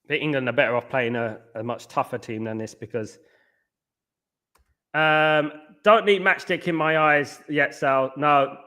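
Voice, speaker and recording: A man's voice: mid-range voice, measured pace, sharp tone. A man hosting a live football watchalong late at night from home, reading viewer comments aloud and answering them in a rambling, blunt and scornful way about the match. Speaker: watchalong host.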